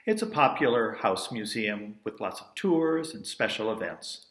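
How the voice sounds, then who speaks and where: Man, storytelling monologue, wry asides, lively pitch, roomy echo. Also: unhurried. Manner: wry, conversational, self-amused asides.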